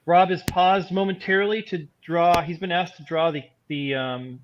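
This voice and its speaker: A man talks casually about his comic projects, hesitant and laid-back. His voice is a bit high, and it comes through a dull, lo-fi line. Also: steady tone, moderate pace, a little hiss or hum. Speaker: comic book writer, co-host. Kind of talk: casual chat.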